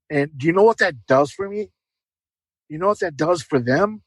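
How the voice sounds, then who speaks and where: Husky, earnest middle-aged man. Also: fairly high pitch, lively intonation, moderate pace, no room sound, rough recording. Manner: emotional, earnest, repeats words. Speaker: podcast guest. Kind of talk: personal testimony in an interview.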